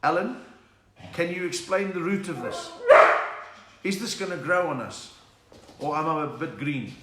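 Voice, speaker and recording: South African man, comedian host, slightly high voice, punning banter, echoey room. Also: normal speed, heavy background noise. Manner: chatty, punning, reads out viewer names. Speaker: comedian hosting a live stream. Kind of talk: casual joke-telling live stream.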